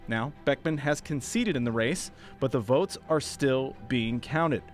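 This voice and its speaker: A man's voice: mid-range voice, a little slow, few pauses, faint music behind. A man co-hosting a political talk podcast in a studio, reading a news segment in a wry, playful way. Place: radio studio.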